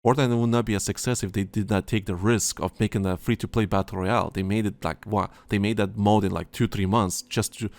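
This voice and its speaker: Man, podcast co-host, low voice, dry close sound, rambling, halting, lots of fillers. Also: steady tone, no room sound. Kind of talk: casual chat.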